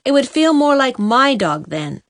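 A woman's voice: high voice, big pitch swings, measured pace, a bit bright, pitched above the performer's own voice, heavily acted. A woman voicing an eager, tender-hearted young boy in a storybook reading. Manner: eager, breathless pleading.

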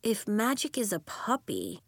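A woman voicing a worried young boy in a storybook, with a thoughtful, measured and somewhat glum delivery. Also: medium pitch, wildly swooping pitch, vocal fry, no echo, heavily acted. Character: worried young boy with fire and ice powers.

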